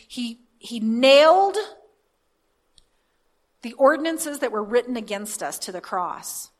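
A woman preaching a sermon, reading scripture aloud and then explaining it in a halting, conversational way. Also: on the high side. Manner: halting, with many restarts and fillers; reads scripture aloud with emphasis.

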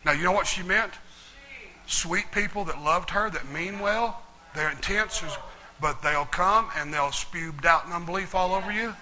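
A middle-aged male pastor preaching a sermon, telling a story in a folksy, animated way. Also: high voice, poor audio. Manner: folksy, animated storytelling with Southern turns of phrase.

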